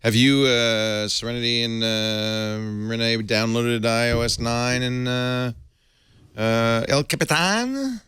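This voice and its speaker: A man's voice: takes it slowly, hardly any pauses, clean tone, no room sound, clean studio sound. A man hosting a podcast, steering a casual tech panel chat in a playful way. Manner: playful, animated, jumps between pitches for jokes. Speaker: podcast host.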